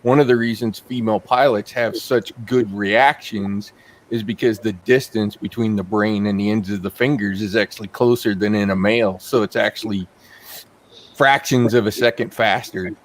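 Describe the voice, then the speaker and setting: A man's voice: lowish voice, steady tone, normal speed. A man on a live-stream panel, confidently explaining a point over a video call. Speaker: panel guest. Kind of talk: casual chat on a live stream.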